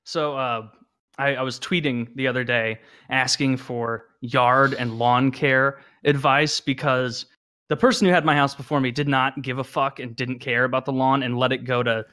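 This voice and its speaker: A man co-hosting a podcast, relaxed and joking, with casual swearing. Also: medium pitch, moderate pace, clear, resonant tone. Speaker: podcast co-host. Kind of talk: casual chat.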